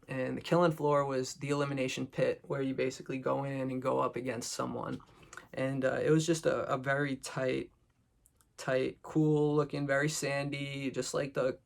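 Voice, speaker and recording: A Boston man with a medium-pitched, vocal-fry voice hosts a recap video. His casual commentary on a reality show episode rambles, jokes and swears freely.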